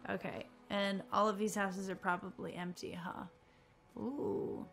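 A woman's voice: medium pitch, flat delivery, measured pace, gravelly, a bit bright. A woman playing a video game in casual let's-play chat, playful and reading in-game text aloud.

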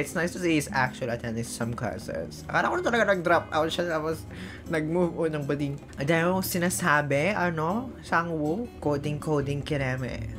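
A young Filipino woman with a Filipino accent, reacting to a drama and mixing Tagalog with English. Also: low voice. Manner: mixes Tagalog and English, laughs and squeals often. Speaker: reaction vlogger.

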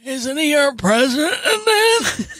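A woman putting on the voice of a cranky, foul-mouthed old man who shouts at kids to get off his lawn, in a comedy bit. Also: high voice, very animated, takes it slowly, full character voice. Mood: confused. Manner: gruff, shouting and bellowing. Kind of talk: improvised comedy bit on a podcast.

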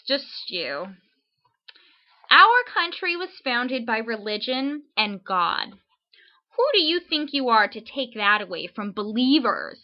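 A woman's voice: on the high side, lo-fi sound. A woman reading hostile letters aloud in a dry, mock-serious recitation.

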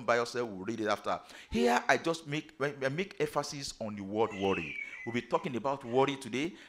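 A man's voice: mid-range voice, fairly bright tone. Preaching man with emphatic declarations. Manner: preaching with emphatic rising declarations and repeated phrases. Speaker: pastor. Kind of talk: sermon.

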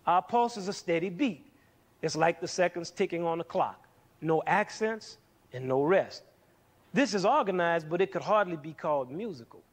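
A man's voice: high voice, expressive, normal speed. A middle-aged man presenting a music lesson for young people, asking questions and answering them himself, with counting and sound demonstrations. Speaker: music educator hosting a TV series.

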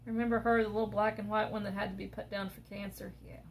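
A woman's voice: mid-range voice, flat delivery, fast, gravelly, a little hiss or hum. A woman, chatting casually and rambling through stories as she crafts. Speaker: crafting vlogger. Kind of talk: casual chat while crafting.

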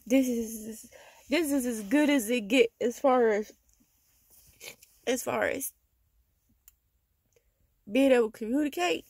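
A woman's voice: sits high, a little slow, long pauses, a little mellow, no echo. A tired woman venting in a bitter, profane monologue with heavy sighs, talking into her phone. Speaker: vlogger.

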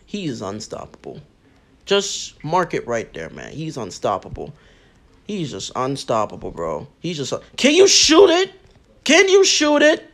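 A man giving casual, excitable commentary over his own mobile basketball game and talking straight to his viewers. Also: medium pitch, creaky. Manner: excitable, talks to viewers, says man and bro a lot. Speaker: mobile game channel host.

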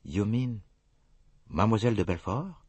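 A man voicing a polite, middle-aged male detective who questions calmly in an audiobook. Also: on the low side, moderate pace, breathy edge, no echo, pitched above the performer's own voice. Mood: probing. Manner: calm, questioning.

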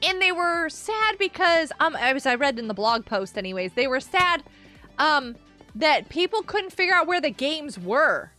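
A high, bright woman's voice streaming a game and chatting with her viewers. She is excitable and gasps and exclaims while playing, and her pitch swoops widely. Faint music plays underneath. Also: a little slow. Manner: excitable, gasping and exclaiming, talking to chat. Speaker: gaming streamer. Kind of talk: live gameplay commentary chatting with viewers.

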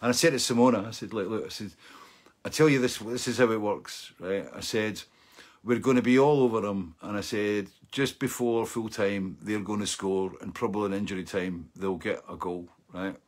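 A Scottish man chatting casually as host of his stream, rambling and animated, laughing often as he talks. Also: fairly low pitch, moderate pace. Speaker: livestream host. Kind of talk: casual storytelling chat.

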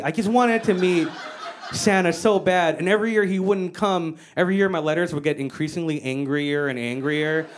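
A woman doing a stand-up comedy set on stage, telling stories with animated, mock-exasperated swearing into a handheld mic. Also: lowish voice, normal speed, a little hiss or hum.

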